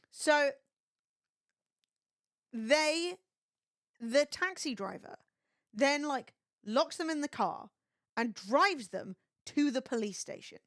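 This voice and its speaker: A woman's voice: sits high, dry recording, clean studio sound. A young woman streaming, retelling gossip in a sweary, chatty way. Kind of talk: casual livestream chat.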